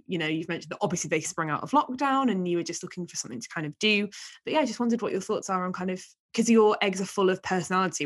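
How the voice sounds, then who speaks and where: A woman hosting a podcast interview, enthusiastic and effusive. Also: fairly low pitch. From Hull, England. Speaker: podcast host. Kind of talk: casual interview.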